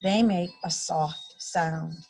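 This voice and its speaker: Husky, slow woman reading a storybook. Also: lowish voice. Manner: slow, expressive read-aloud with animal sound effects. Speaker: guest story reader. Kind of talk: reading a children's picture book aloud. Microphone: video call.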